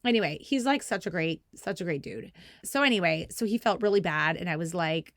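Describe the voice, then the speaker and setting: A woman's voice: brisk, dry recording, clean studio sound. A woman in her thirties hosting a podcast, telling a story casually with lots of "like" and playful quoted voices. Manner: animated, acts out quotes in a higher voice, laughs often; heavy use of "like" fillers. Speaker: podcast host.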